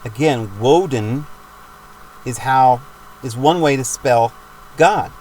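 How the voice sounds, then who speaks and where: A man's voice: mid-range voice, slow pace, darkish tone, a little hiss or hum, rough recording. A man giving a rambling, emphatic religious monologue for his videos, with frequent restarts. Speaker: video maker.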